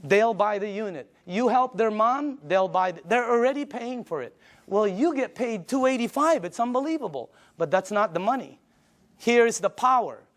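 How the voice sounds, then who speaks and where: A man giving an emphatic, energetic sales pitch to a live audience in a meeting room, chuckling between points. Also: normal speed. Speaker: sales presenter.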